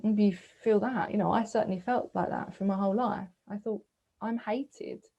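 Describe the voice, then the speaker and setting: A woman, leading a gentle self-reflection talk as a spiritual coach, asking soft searching questions and pausing to sigh. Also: medium pitch, fairly even intonation, lo-fi sound. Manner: breathy sighs, slow reflective pauses.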